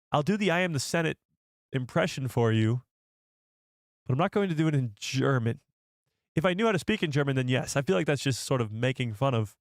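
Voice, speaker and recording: A man's voice: mid-range voice, no room sound. A man hosts a live stream in a loose, rambling chat. His voice sits mid-range and sounds dry and close to the mic. He often trips over his words and corrects himself. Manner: chatty, rambling, self-correcting. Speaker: host of a live show. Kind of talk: casual live-stream commentary.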